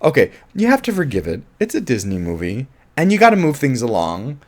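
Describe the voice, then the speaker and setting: A man casually reviewing a film, animated and laughing often, with offhand swearing. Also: medium pitch, brisk. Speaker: movie reviewer.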